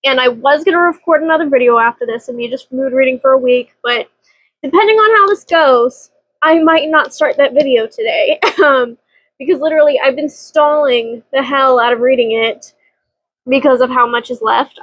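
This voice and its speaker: A young woman chatting casually as a book vlogger at home, dramatic and quick to laugh, with casual swearing. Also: high voice, fairly bright tone, rough recording. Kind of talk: casual chat.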